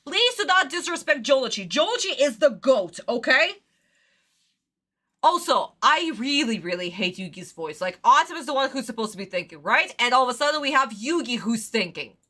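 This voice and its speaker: A woman's voice: high-pitched, big pitch swings, moderate pace, bright, forceful tone. A woman from Russia, ranting in exasperation and swearing while reacting to an anime on a livestream.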